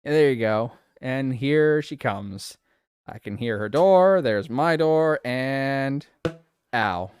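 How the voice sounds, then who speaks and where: A man's voice: mid-range voice, lively intonation, slow, darkish tone, clean tone, no room sound. A man streaming live, chatting casually with his viewers, giggling a lot and swearing playfully.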